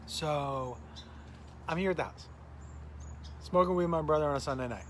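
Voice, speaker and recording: A man's voice: a little high, moderate pace, a little hiss or hum. Tired comedian chatting with his viewers. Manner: rambling, greets viewers by name mid-story. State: tired, recovering from illness. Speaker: comedian hosting a live smoking stream. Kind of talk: casual live-stream chat and storytelling.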